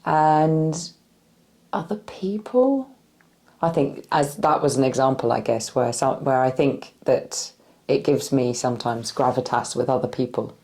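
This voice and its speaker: A woman in her forties with a London accent, a bit hoarse, talking hesitantly with many pauses in an interview. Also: a bass voice, fairly even intonation, darkish tone. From West London, England. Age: 40s. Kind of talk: reflective casual interview talk.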